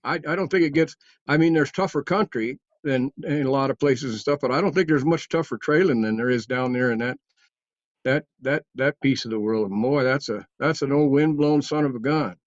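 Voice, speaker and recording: A man's voice: medium pitch, brisk, no echo. A man telling hunting stories in a rambling, casual way, chuckling as he goes. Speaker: guest storyteller. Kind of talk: casual storytelling. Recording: dull, dry sound.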